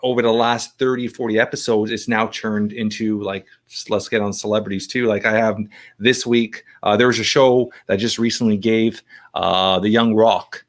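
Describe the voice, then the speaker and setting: A man's voice: fairly low pitch, fairly even intonation. A man talking as a podcast guest, telling stories in a rambling way, full of restarts and quoted back-and-forth. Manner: fast, rambling storyteller with many restarts. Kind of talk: casual interview chat.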